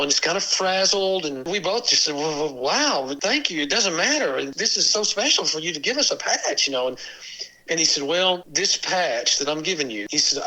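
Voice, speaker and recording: A man tells stories as a podcast guest. His voice is piercingly bright and forward. He acts out the quoted lines, jumping up in pitch for each character. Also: poor audio. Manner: animated, acts out quoted dialogue with big pitch jumps. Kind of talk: storytelling in an interview.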